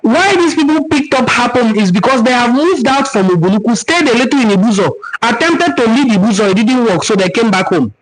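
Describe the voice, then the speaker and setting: A man's voice: very high-pitched, animated, brisk, hardly any pauses, low-quality recording. A man with a Nigerian accent, hosting a cultural forum and answering viewer comments in an earnest, preaching way, repeating words for emphasis. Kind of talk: live-stream teaching and answering viewer comments.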